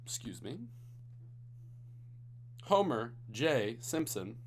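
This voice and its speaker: A male trivia host on a live stream, reading questions in a lively, swooping voice. He sounds tired but keeps joking with the chat between questions. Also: medium pitch, drawn-out words, slight background noise.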